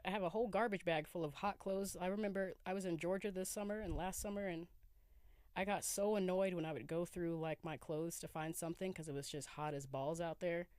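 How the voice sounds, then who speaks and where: A tired woman in her forties talks into her podcast in a groggy morning voice, relaxed and a little giggly, with slang and the odd swear. Her voice sits slightly low. The sound is close and dry, recorded inside a camper van. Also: no echo. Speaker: podcast host. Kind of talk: casual solo podcast chat.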